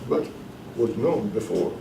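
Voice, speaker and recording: A man giving a classroom lecture as the professor leading a course, talking deliberately and emphatically and repeating his key points. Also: fairly low pitch, expressive, creaky, noisy background. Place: bookstore cafe classroom. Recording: echoey room, mic at a distance.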